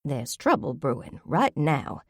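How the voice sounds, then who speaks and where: A woman voicing a bossy elderly grandmother who speaks in brisk commands. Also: low voice, big pitch swings, no room sound, studio quality, exaggerated voice. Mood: commanding.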